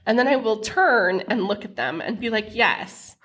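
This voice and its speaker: A woman's voice: on the high side, expressive, moderate pace, a bit bright. A woman, co-hosting a podcast and telling stories in a playful, chatty way. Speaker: podcast co-host. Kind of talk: casual chat.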